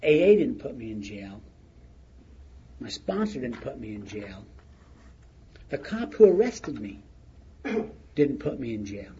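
A man's voice: mid-range voice, very animated, takes it slowly, pauses often, dark tone. Plain-spoken man telling a story, lo-fi. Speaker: speaker sharing his recovery story. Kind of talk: recovery meeting share. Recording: muffled lo-fi recording with faint noise.

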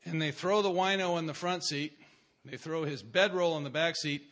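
A man's voice: fairly high pitch, normal speed, fairly bright tone. Wry man telling a story. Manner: wry, self-mocking storyteller. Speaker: recovery meeting speaker. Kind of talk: humorous personal story to a meeting.

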